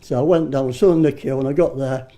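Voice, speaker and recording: A man's voice: medium pitch, steady tone, fairly quick, mellow, dull audio. A man, an interviewee reminiscing casually and rambling through war stories, swearing freely and restarting his sentences. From Britain. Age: 90s. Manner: rambling, salty storyteller who swears freely and restarts often.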